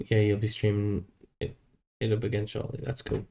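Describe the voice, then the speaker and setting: A man streaming live while coding a game, thinking aloud in a halting, self-deprecating way. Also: fairly low pitch, little pitch movement, vocal fry, darkish tone.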